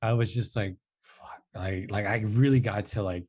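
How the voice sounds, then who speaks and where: A man in his twenties talks in a lowish voice as a podcast guest. He tells a personal story in a loose, casual way, saying "like" and "dude" a lot. He jumps up in pitch when he acts out what other people said. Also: moderate pace. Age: 20s. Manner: animated, acts out quotes with raised voice; casual, says "like" and "dude" often.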